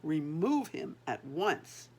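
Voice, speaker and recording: A woman's voice: low voice, big pitch swings, slow pace, husky, voice pushed down, heavily acted. A woman voicing a furious, pompous male store manager who barks indignant orders. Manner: loud, indignant barking.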